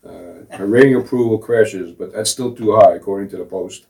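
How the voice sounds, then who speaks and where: A man's voice: on the low side, moderate pace, gravelly, a little mellow. A middle-aged man co-hosting a casual talk show, sarcastic and mocking, laughing at his own jokes. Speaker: co-host. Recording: voice from a distance off the mic.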